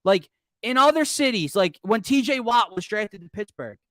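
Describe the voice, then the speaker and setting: A man with a slightly high voice hosts a casual sports talk show, and he keeps getting carried away mid-point. He talks fast and excitedly and trips over his own sentences. The sound is close and dry, with no room around it. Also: dry recording. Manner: excitable, rambling, often self-interrupting. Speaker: podcast host.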